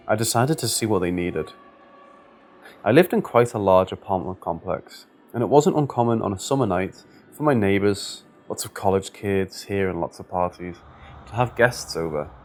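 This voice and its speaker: A man reading true scary stories aloud in a steady, measured scripted narration. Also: low voice. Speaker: story narrator.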